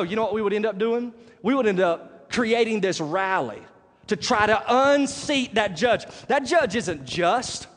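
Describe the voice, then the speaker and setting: A pastor preaching an animated sermon in a church, rising to near-shouts. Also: male voice, sits high. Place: church sanctuary. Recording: long reverb of a large hall.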